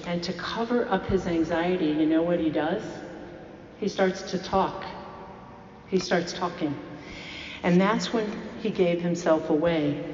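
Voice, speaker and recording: A woman's voice: lowish voice, a little mellow, slight background noise. Woman preaching in an echoey hall. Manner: storytelling, rhetorical questions to the congregation. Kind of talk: sermon. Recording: echoey hall, dull lo-fi sound.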